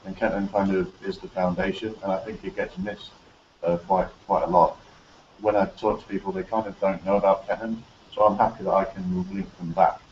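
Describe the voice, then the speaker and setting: A man with a low voice speaks hesitantly in a casual group chat, pausing often. He sounds far from the mic. Faint noise runs under a dull recording. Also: steady tone. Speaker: panel guest. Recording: distant, muffled with faint noise.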